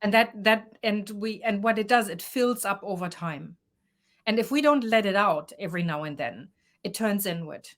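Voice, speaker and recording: A woman coach speaking in an interview. She explains her ideas at length and gives practical advice in a measured, even voice. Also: mid-range voice. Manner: explanatory, advising. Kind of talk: interview answers.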